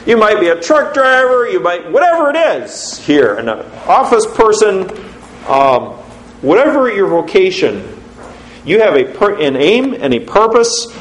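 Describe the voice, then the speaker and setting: A man preaching a sermon as pastor, putting questions to his congregation in an emphatic, lively way. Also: high-pitched, a little slow, a little hiss or hum. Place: church sanctuary. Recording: roomy church echo.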